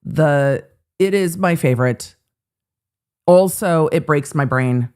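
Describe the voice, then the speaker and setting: A woman's voice: low-pitched, takes it slowly, a little mellow, clean tone. A woman hosting a live legal commentary stream, talking casually and profanely with her chat and riffing on courtroom moments. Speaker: legal commentary livestream host.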